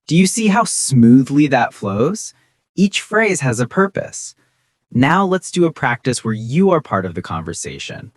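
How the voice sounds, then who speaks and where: Encouraging teacher with a lively pitch. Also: no echo, studio quality. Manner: encouraging, with slow and clearly spoken example phrases. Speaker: English teacher. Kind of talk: scripted beginner language lesson.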